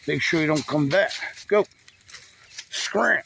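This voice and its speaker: A man's voice: a little high, unhurried, vocal fry, pauses often, background noise. A man outdoors by a fence, coaxing a trapped animal and cursing at times, recorded on a phone camera. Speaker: turtle rescuer. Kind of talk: casual outdoor chatter. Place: outdoors by a chain-link fence. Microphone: phone camera held nearby.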